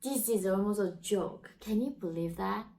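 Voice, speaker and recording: A woman's voice: medium pitch, moderate pace, creaky, mellow, faint music behind, poor audio. A woman from North Korea speaking English with a Korean accent and non-native phrasing, giving earnest, impassioned commentary straight to her viewers. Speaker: YouTuber and activist. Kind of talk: direct-to-camera commentary.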